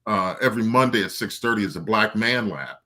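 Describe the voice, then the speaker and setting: Bright-toned man calling in. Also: lowish voice, brisk. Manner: earnest, with many "um" and "uh" fillers. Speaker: caller. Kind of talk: casual call-in talk.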